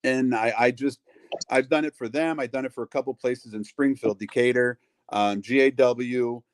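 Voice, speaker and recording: Middle-aged male ring announcer, mid-pitched, dry close sound, gabby storyteller. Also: steady tone, normal speed, dry recording. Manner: chatty, acts out quoted voices, lots of fillers. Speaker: wrestling ring announcer, guest. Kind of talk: casual storytelling interview.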